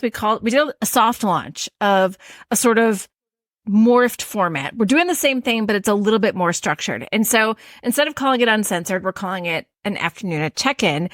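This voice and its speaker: A woman's voice: medium pitch, a bit bright, no echo, clean studio sound. A middle-aged woman with a Midwestern accent, hosting a casual podcast chat and rambling with many fillers and restarts. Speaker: podcast host.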